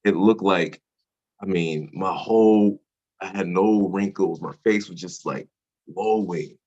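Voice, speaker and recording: A man's voice: low-pitched, slow pace, a little mellow, highs cut off. A man earnestly telling a reflective, confessional personal story in a spoken storytelling style. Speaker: storyteller at a men's sharing circle.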